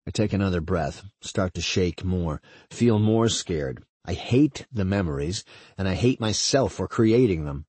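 Husky-voiced man reading intimately. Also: low-pitched, expressive, darkish tone, no room sound. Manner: slow, intimate, halting phrasing. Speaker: narrator. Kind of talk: first-person literary reading.

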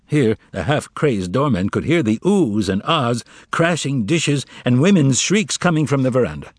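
A man narrating an audiobook with an expressive reading. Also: medium pitch, normal speed, few pauses, no echo, clean studio sound.

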